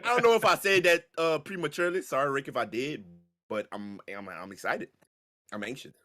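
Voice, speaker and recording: A man co-hosting a casual gaming podcast, excitable, self-mocking and swearing freely. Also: fairly high pitch, fairly quick. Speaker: podcast co-host.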